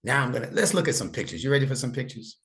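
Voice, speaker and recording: A man's voice: mid-range voice, very animated, rapid-fire, a bit bright. A middle-aged man tutoring a young student one-on-one, explaining patiently step by step and checking that he is understood. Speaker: Arabic instructor and imam.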